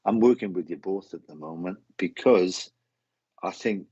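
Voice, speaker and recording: Halting, husky low-voiced man. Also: mellow, no echo, muffled recording. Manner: halting, repeats phrases, emotional. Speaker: psychic medium host. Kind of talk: live psychic reading.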